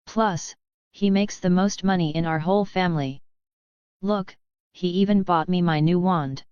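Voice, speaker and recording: A woman's voice: on the low side, unhurried, a little mellow, clear, resonant tone, no room sound, lo-fi sound, natural voice. A woman voicing a grumbling, boastful boy wizard who is someone's younger brother, in a storybook reading.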